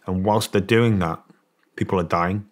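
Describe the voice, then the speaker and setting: Here the ex-soldier's pitch is low and his pace moderate. The middle-aged English podcast guest, British accent and all, narrates a tale in conversation and lively acts out each character's voice.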